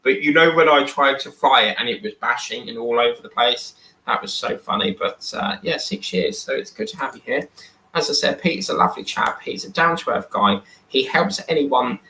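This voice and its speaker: A man's voice: medium pitch, animated, moderate pace, sharp tone. A man hosting a live stream in casual chat, reading and answering viewer comments aloud. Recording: echoey room.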